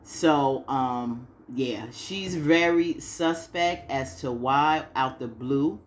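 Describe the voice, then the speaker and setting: A woman's voice: a bass voice, very slow, a little hiss or hum. A woman chatting casually through a TV episode recap, acting out the characters' lines with frequent laughs. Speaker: TV recap vlogger.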